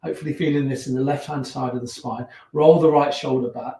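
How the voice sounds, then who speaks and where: A yoga teacher with a Leicester accent talks his class through slow breaths and stretches. His cues are calm and unhurried, broken by easygoing chatty asides. His mid-pitched voice rings around an echoey room. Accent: Leicester English. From England. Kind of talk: guiding a gentle yoga class.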